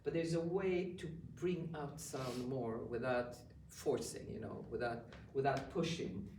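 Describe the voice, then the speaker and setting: A woman's voice: very deep voice, unhurried, background noise. A woman coaching a student at the piano, guiding him step by step and repeating short words of praise. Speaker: piano teacher. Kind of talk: hands-on music coaching. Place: room with a piano. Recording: roomy, distant mic, loud piano.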